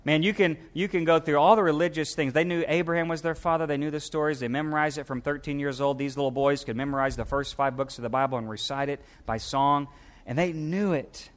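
A middle-aged pastor from Louisiana preaching a sermon, animated, dropping his voice low and soft for quoted scripture. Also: brisk.

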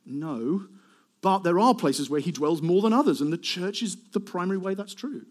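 Guy preaching to a crowd, kinda high voice, chatty and animated, makes asides to the room. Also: normal speed. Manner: animated, conversational, with asides to the congregation. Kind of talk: sermon. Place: warm hall with a live congregation.

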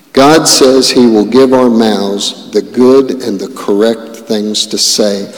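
A man preaching a sermon, working his congregation with quick asides and rhetorical questions. He takes his time over each phrase. His voice rings through a big church hall with a long, echoing tail. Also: medium pitch, darkish tone. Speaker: pastor. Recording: echoey hall with long reverb.

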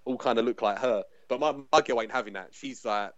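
A London-accented man talking as a guest on a casual pop-culture podcast. His pitch is a middling male one, and the recording sounds dry and close. He is chatty, laughs easily and often restarts mid-sentence. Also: a little fast, dry recording, lo-fi sound. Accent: London English. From England.

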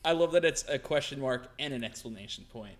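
A man co-hosting a casual podcast, reacting with wry exclamations and quick remarks. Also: medium pitch, expressive, a crowd in the background. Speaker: podcast co-host. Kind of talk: casual chat.

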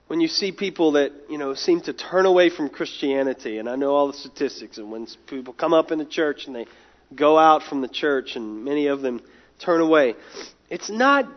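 A man with a high voice preaches a sermon, earnest and emphatic, often stumbling over and repeating his words. The recording sounds dull and lo-fi. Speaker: pastor.

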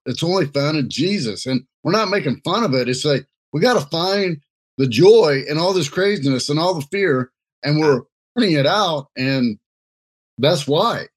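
A man co-hosting a casual chat, laid-back and rambling, joking between points. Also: a little high. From Louisiana. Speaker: co-host. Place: Nebraska.

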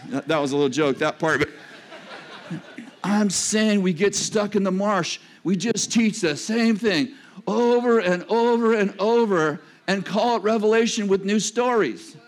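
A man preaching a sermon in a conversational way, with joking asides and sudden drops to a low register. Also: a little slow, pauses often. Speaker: pastor.

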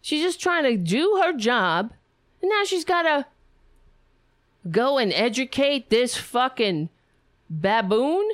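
A woman's voice: high voice, sing-song, slow, long pauses, dry recording, studio quality. A woman commentator reacting to a clip with sarcasm, scorn and free swearing. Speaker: political commentator.

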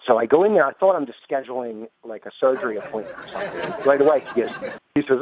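A man's voice: medium pitch, animated, fast, dull audio. A man on a comedy podcast, telling a story in casual chat and laughing through it. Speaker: podcast co-host.

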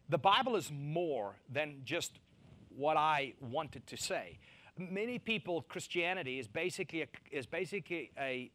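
A man preaching a sermon, animated, acting out quoted voices to mock them and laughing between his points. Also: a little high. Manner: animated, acts out mocking quotes.

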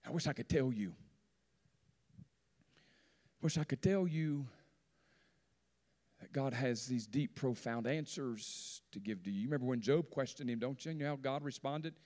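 A man preaching a sermon in church, swinging from hushed, quiet lines to loud, soaring rises. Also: mid-range voice, normal speed, pauses often. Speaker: pastor. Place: church sanctuary.

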